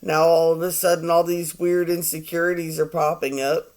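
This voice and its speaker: A man's voice: on the high side, level tone, moderate pace, darkish tone. A man in his forties giving a casual tarot reading, rambling, swearing and sounding exasperated. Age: 40s. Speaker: tarot reader.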